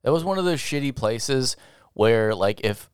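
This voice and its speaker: A man's voice: medium pitch, lively intonation, moderate pace, smooth, dry recording, clean studio sound. A young man co-hosting a podcast, telling jokey, rambling stories in casual chat. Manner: rambling, jokey storytelling with frequent laughs. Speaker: podcast co-host.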